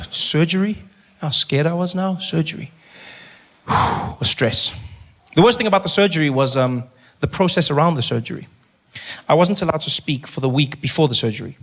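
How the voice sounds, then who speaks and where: A South African man telling a stand-up story, who is animated and sometimes drops into a hushed voice for bits. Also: mid-range voice. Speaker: stand-up comedian.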